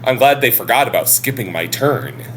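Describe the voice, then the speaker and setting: Male podcast co-host, casual and animated, swears freely, voice swings widely; faint background hum. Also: mid-range voice, moderate pace.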